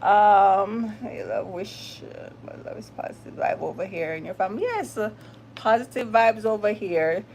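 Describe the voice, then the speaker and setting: A woman's voice: mid-range voice, lively intonation, moderate pace, a little mellow, slight background noise. A woman with a Jamaican accent hosting a casual livestream, greeting viewers by name in a chatty, upbeat way. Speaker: livestream host.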